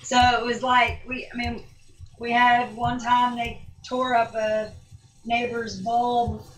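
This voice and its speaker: A woman's voice: a little high, flat delivery, takes it slowly, echoey room, recorded from a distance, low-quality recording. A woman chatting casually, often finishing her partner's sentences. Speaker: homesteader guest on a call-in show. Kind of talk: casual chat.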